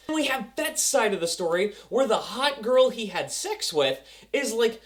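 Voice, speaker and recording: A young man reviewing a TV episode, excitable and goofy, acting out scenes as he goes. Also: high voice, moderate pace, hardly any pauses. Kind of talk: casual review vlog.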